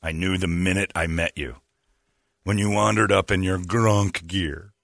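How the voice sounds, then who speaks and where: A man's voice: low-pitched, steady tone, gravelly, fairly bright tone, no echo, clean studio sound. A man hosting a radio show with mocking, joke-heavy banter. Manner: mocking, quick with jokes.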